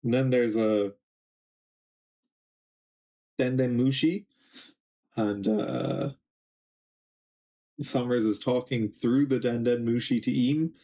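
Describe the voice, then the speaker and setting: A man's voice: medium pitch, slow, pauses often, warm tone. A young man casually reading and recapping a comic, rambling with many ums and little laughs. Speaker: manga reaction streamer.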